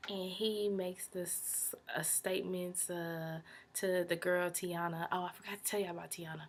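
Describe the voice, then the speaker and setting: Lady doing a casual episode recap, lowish voice, slangy, whispers little asides, brushes stuff off with blah blah. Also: creaky, a little hiss or hum. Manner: dismissive "blah, blah" paraphrasing. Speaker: TV episode reviewer.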